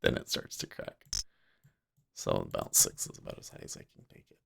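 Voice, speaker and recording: A man hosting a livestream in casual chat, rambling and breaking off mid-sentence, often laughing. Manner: rambling, self-interrupting, quick to laugh. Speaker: livestream host.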